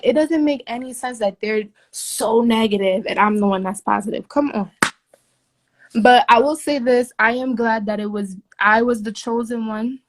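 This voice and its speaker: A young woman, a flight attendant, venting her story in a casual video from a hotel room, indignant and emphatic, swearing often. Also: mid-range voice. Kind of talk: casual phone video rant.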